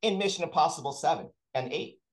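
A man's voice: fairly high pitch, animated, quick pace, low-quality recording. A man, a talent sourcer, chatting as an interview guest and telling rambling anecdotes full of restarts. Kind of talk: casual interview storytelling.

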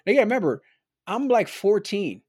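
Man from Milwaukee, loose casual storyteller, leans on "like" and "right?", lightish pitch, dry close mic. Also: very animated, brisk, a little mellow, breathy edge, dry recording. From Milwaukee, USA. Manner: rambling, peppered with "like" and "right?". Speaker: podcast guest.

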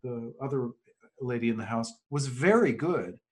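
A man's voice: mid-range voice, animated, moderate pace, darkish tone. A man co-hosting a podcast in casual chat, thinking aloud with hesitant restarts. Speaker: podcast co-host.

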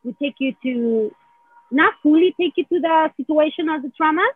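Her voice sits high and moves at a moderate pace, without any room sound. She casually rambles through a healing technique, saying "right?" constantly and dramatizing feelings in quoted asides. The audio is dry and narrow, like a phone.

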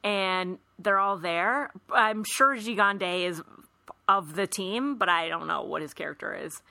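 Brief: woman podcast host, bright and crisp tone, dry close sound, laughs easily while recapping. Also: medium pitch, a little slow, no room sound. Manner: laughs often, retells scenes with quoted lines. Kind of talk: casual chat.

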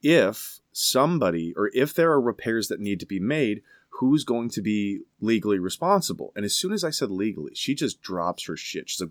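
A man casually telling a story with emphatic, animated delivery. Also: lowish voice, normal speed, few pauses, no echo, clean studio sound.

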